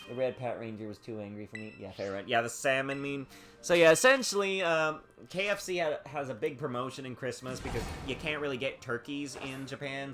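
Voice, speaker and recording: A streamer who chats casually while playing a game, rambling through stories and laughing often. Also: mid-range voice.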